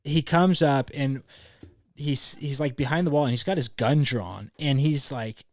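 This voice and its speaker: A young man from California rambles through a story in a loose, profane podcast chat, quoting people as he goes. His voice sits at an ordinary pitch for a man. It is recorded close and dry, with no room sound. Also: measured pace, no room sound. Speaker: podcast host.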